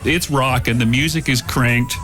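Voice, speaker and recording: A man's voice: mid-range voice, moderate pace, fairly bright tone. A man with a mid-range voice recalls undercover operations in an interview. He tells it plainly and directly, without flourish. Faint music sits underneath. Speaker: former undercover officer. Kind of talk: interview recollection.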